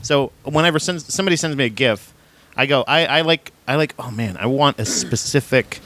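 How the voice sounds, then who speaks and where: A male podcast host in loose, casual chat, his voice sitting at an ordinary middle pitch. He rambles from one thought to the next and jokes constantly, often breaking into laughter. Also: brisk, fairly bright tone.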